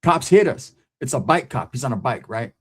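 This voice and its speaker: A man's voice: medium pitch, big pitch swings, brisk, slightly rough. A man from California, telling a story in casual, street-slang style and often tagging his sentences with "right?". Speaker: host.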